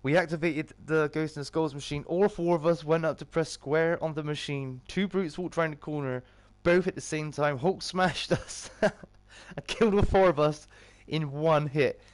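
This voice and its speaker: A man hosting a live game stream, greeting viewers by name in a loud, excitable way with sudden jumps in pitch. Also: moderate pace, dry recording. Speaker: gaming streamer.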